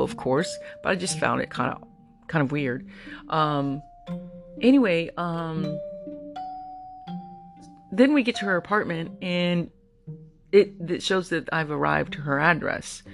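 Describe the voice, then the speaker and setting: Gravelly woman ranting about her rideshare rider. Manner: animated, rambling, indignant, rises high when worked up. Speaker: rideshare driver. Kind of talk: casual storytelling vlog.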